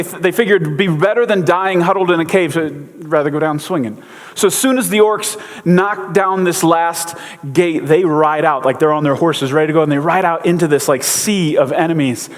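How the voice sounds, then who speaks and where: A man giving a casual sermon, a chatty, joking storyteller with lots of fillers. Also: fairly high pitch. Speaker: pastor. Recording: long hall reverb.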